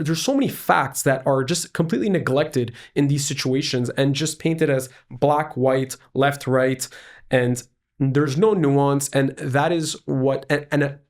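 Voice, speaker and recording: A man's voice: mid-range voice, measured pace. A man co-hosting a casual political podcast, earnest and stumbling over repeated words as he builds his points. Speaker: podcast co-host.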